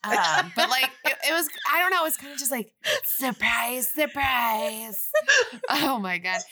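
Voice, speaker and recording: A woman hosting a casual movie chat, jokey and quick to laugh as she recounts scenes. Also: high voice, very animated, sharp tone, slight background noise. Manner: giggly, jokey, acts out quotes.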